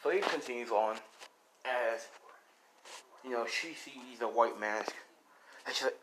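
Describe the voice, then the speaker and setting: A man's voice: mid-range voice, a little slow, pauses often, background noise. A man casually telling a fan story, rambling, with lots of fillers and swearing.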